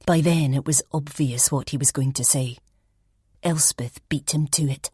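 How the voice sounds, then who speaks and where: A woman reads a first-person mystery audiobook in a low, husky voice. She narrates softly and reflectively, often sinking toward a whisper. The recording is dry and close to the mic. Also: fairly even intonation, moderate pace, no room sound.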